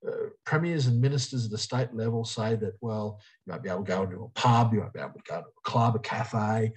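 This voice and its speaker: Aussie guy politician in an interview, punchy repeated lines, mid pitch. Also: a little mellow, poor audio. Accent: Australian. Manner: emphatic, repeats punchy slogans. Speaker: politician guest. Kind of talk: interview answers.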